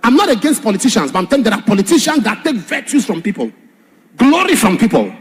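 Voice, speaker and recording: A pastor preaches in a high, husky voice that swoops widely up and down. He tells his testimony with dramatic force, shouting some points and sinking low on others. Faint music plays behind him. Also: big pitch swings, fast. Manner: dramatic, shouts for emphasis then drops low. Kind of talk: sermon with personal testimony.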